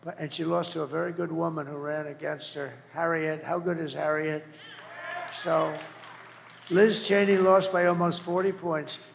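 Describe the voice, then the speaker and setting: A man in his seventies giving a rambling, boastful campaign rally speech, repeating himself and breaking into shouts. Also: on the high side, fairly even intonation, moderate pace, vocal fry, big-room sound, background noise. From United States. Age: 70s. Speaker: political candidate.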